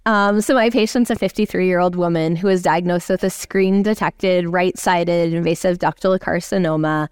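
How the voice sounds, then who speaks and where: A woman oncology clinician on a medical panel, explaining treatment step by step in a measured way with frequent fillers. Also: lowish voice, steady tone, darkish tone, clear, resonant tone, dry recording, studio quality. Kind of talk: continuing-education panel discussion.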